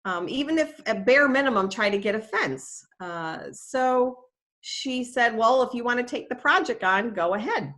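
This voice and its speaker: A woman's voice: on the high side, lively intonation, normal speed, fairly bright tone. A middle-aged woman, a nature preserve educator, telling a story in a casual, chatty way, with plenty of fillers and self-corrections.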